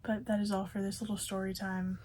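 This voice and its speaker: A young woman talks straight to camera in a relaxed storytime vlog. Her speech is chatty and loose, full of fillers, and she tells the story as casual recollection. Her voice sits at an everyday middle pitch. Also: a little fast, a little hiss or hum. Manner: chatty, lots of "like" and "you know" fillers. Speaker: vlogger; fast food worker.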